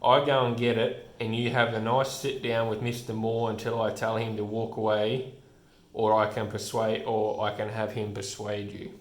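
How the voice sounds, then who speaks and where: A man's voice: lowish voice, little pitch movement, normal speed, lightly acted. A man reading out a menacing gang thug. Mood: threatening. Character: menacing male gang thug, coldly threatening. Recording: roomy echo.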